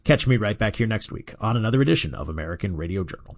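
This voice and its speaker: A man reading a radio commentary in a steady, measured way, closing as a regular of the show. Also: fairly low pitch.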